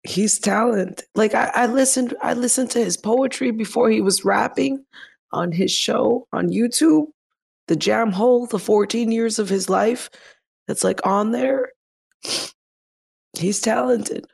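Raspy woman losing her voice. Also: a little high, measured pace, darkish tone. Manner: blunt, sarcastic, swearing. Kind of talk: casual chat.

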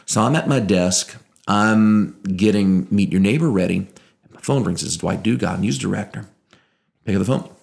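A man with a low voice and a gravelly, fry-edged texture. He tells stories in a relaxed interview, acting out the lines of the people in them. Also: normal speed. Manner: lively anecdotes, acting out quoted dialogue. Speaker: guest, former TV news producer now in radio. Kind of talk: casual interview storytelling.

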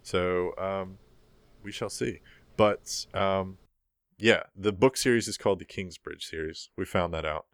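Young male podcast host, very low smooth voice, dry close mic, laid-back board game news. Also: measured pace, no echo. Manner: relaxed, rambling, many ums. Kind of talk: casual podcast chat.

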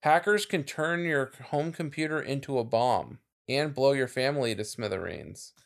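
A man's voice: mid-range voice, expressive, normal speed, vocal fry. A man co-hosting a podcast in casual chat, laughing often and trailing off into fillers. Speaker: podcast co-host.

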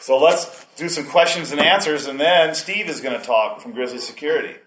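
A man's voice: a little high, brisk, a bit bright. A man speaking at a group meeting, talking casually and rambling, getting heated at times. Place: meeting hall. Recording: echoey meeting room.

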